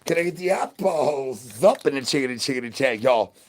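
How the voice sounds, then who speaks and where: A man's voice: medium pitch, lively intonation, brisk. A man, streaming in a goofy, rambling patter full of nonsense words and catchphrases. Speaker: streamer in zombie persona.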